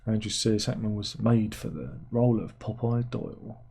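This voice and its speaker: A man's voice: fairly low pitch, moderate pace, creaky, warm tone, breathy edge. A middle-aged man, hosting a casual livestream, rambling on and reading out viewer comments. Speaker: livestream host.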